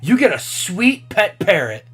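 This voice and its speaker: A man's voice: sits high, very animated, a little slow, a bit bright, husky, soft background music. A man in his twenties chatting casually on camera, thinking aloud and swearing freely as he reacts. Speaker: vlogger.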